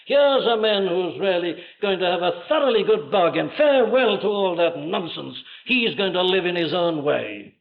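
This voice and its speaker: An older man preaching a sermon with emphatic rhetorical questions and dramatic swells of voice. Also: fairly high pitch. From Wales. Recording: dull lo-fi archive sermon recording.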